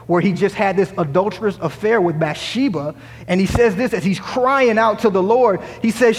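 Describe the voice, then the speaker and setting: A man with a notably high voice preaches to his congregation, building emphasis as he quotes scripture and drops in wry jokes. His voice rings out with a long reverb from the church sanctuary. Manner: humorous asides. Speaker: pastor. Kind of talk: sermon.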